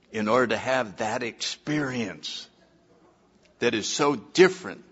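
A man's voice: on the low side, sharp tone, dull audio. An older man giving personal testimony at a recovery meeting, telling his story with wry, self-mocking humor.

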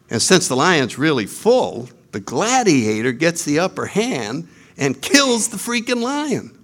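A man telling a humorous spiritual story, animated and acting out the voices of his characters. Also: a little high.

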